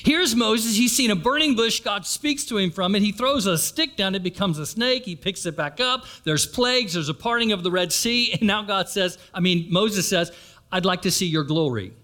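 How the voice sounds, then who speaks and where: A man's voice: high voice, moderate pace, few pauses, pushed and bright. A man preaching a sermon, retelling a story and turning to the congregation with asides. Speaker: pastor.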